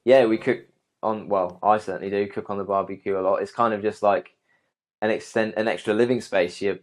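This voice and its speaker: A young man, a guest arborist, answering interview questions in a relaxed way with many ums and restarts. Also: lowish voice, brisk.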